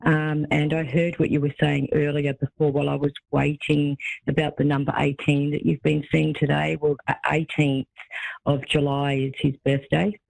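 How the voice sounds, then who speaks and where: A woman with an Australian accent calls in to a psychic radio show, speaking softly and hesitantly. Her voice is very low and gravelly. The sound is dry and close. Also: level tone, normal speed, dry recording, low-quality recording. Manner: soft-spoken, hesitant, laughs often. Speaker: caller.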